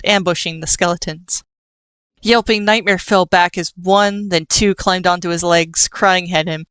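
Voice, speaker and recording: A woman reading an audiobook in a steady storytelling manner. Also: fairly low pitch, clear, resonant tone, dry recording. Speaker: audiobook narrator. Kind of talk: scripted audiobook narration.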